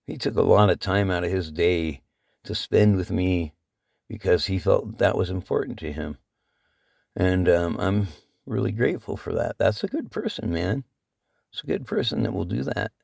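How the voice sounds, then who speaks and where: A man vlogging through tears, swearing and rambling, his voice cracking and breaking high as he speaks from the heart. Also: normal speed, vocal fry, darkish tone, no room sound, clean studio sound. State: crying. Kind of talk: emotional casual vlog talk.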